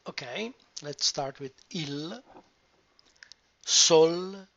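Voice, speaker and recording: Very slow, deliberate woman teaching pronunciation. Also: low-pitched, a bit bright. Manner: slow, deliberate, drawn-out modelling of words. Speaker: language teacher. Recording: muffled lo-fi recording.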